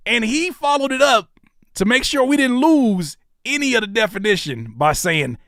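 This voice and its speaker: A man in his thirties, a rapper and YouTuber, reacting to comments in an animated comedic rant, mocking and teasing with sudden loud outbursts. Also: extremely high pitch, moderate pace, no echo, clean studio sound.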